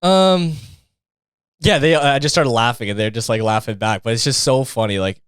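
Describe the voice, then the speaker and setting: Young male podcast host, smooth clean voice, dry close sound, loose profane rambling comedy. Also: medium pitch, normal speed, no room sound. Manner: rambling, profane, restarts and mimics others for laughs. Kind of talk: casual comedic monologue.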